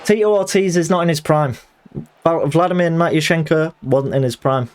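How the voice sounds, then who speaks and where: A man's voice: on the high side, moderate pace, faint music behind. A young man chatting casually while streaming a fighting game, joking and putting on voices. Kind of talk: live game commentary.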